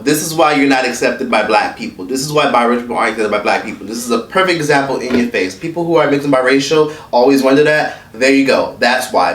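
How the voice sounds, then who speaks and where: A man's voice: medium pitch, distant mic. Blunt, cursing man ranting in an echoey room. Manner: blunt, profane, heated. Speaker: online commentator. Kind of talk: ranting commentary vlog. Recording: echoey room, away from the mic.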